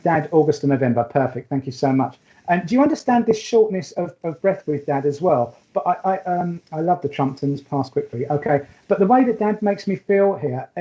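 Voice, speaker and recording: A man's voice: on the high side, dark tone, dull audio. A man giving a live spiritualist mediumship reading, chatty and affectionate, rambling with fillers and restarts. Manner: chatty and affectionate, calls the sitter "my darling".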